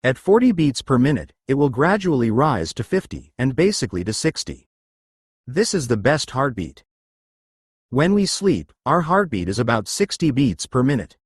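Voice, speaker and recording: An exercise instructor with a mid-range, slightly rough male voice teaches a lesson, explaining things and frequently checking that listeners are following. The recording is dry, with clean studio sound.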